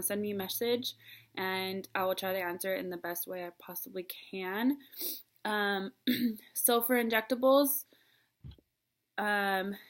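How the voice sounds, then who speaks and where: A young woman talking to camera in a personal vlog, chatty and earnest with many ums, at times tearful. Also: medium pitch. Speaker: vlogger. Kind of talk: personal vlog, casual confiding talk.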